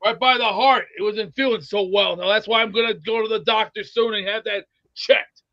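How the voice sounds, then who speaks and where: A man playing a cranky, blustery older male sports fan who rambles and rants excitably. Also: high voice, moderate pace, dry recording. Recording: dull dry lo-fi sound.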